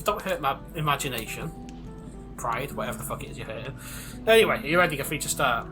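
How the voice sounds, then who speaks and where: A man's voice: mid-range voice, animated, fast talker, over music. A man co-hosting a crude comedy podcast, playful, swearing and laughing often. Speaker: podcast co-host.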